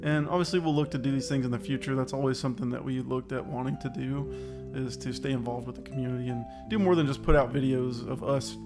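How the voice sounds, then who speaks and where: A man's voice: medium pitch, steady tone, quick pace, hardly any pauses. A man co-hosting a casual online chat show, rambling and upbeat, a little out of breath, with music playing underneath. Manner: rambling, self-aware, upbeat. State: slightly out of breath. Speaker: podcast co-host.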